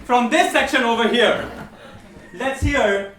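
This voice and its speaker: A man with a very high-pitched voice speaks slowly while hosting a live comedy game show on stage, joking and teasing the audience. The mic is far away, so there's roomy echo and crowd noise.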